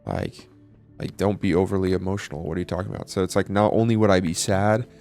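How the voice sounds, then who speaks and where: Young male vlogger, deep and creaky, candid casual monologue, faint music bed. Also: steady tone, fast talker, darkish tone. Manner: candid, casual, swears often, many fillers. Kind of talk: personal reflective monologue.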